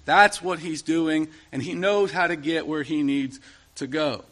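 A middle-aged man delivering a sermon with a high, bright, forceful voice. He talks to his listeners in an easy, conversational way. He keeps piling up rhetorical questions as he preaches. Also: unhurried.

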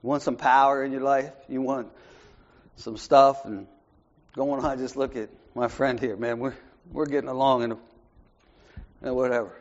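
A man's voice: medium pitch, steady tone, normal speed, long pauses. Man giving a casual Bible study talk. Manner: conversational, repeats "right?", swings from soft asides to raised emphasis. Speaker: lay preacher leading a Bible study. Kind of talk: informal Bible study sermon. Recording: muffled lo-fi recording.

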